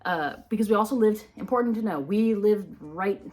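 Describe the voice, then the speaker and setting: Speaking at normal speed in a medium-pitched, slightly mellow voice, this Minnesota woman tells a meandering story on her reptile channel. The vlog is casual and educational, and she laughs frequently while wandering off topic.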